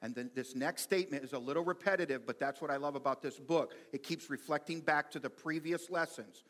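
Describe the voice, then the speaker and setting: A man preaching a sermon in a lively, conversational way, reading quotes and making asides to the congregation. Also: a little high, a little fast. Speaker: pastor.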